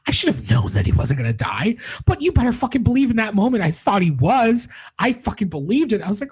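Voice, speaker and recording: A man's voice: high voice, huge pitch swings, a little fast, slightly rough. A young man hosting his podcast, casually retelling a film scene by scene, swearing constantly and getting emotional as he rambles. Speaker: podcast host reviewing a film. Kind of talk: casual spoiler review monologue.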